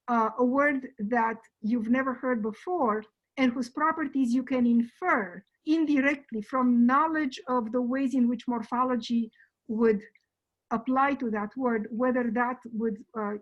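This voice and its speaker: Woman, slightly high voice, explanatory, thinks aloud, academic Q&A, video call. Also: lo-fi sound. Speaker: invited linguistics speaker answering questions. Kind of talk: academic Q&A answer.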